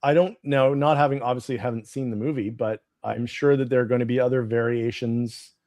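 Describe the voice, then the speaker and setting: A man's voice: mid-range voice, steady tone, fairly quick, darkish tone, dry recording. A man co-hosting a casual chat, hesitant and rambling, with frequent ums and restarts.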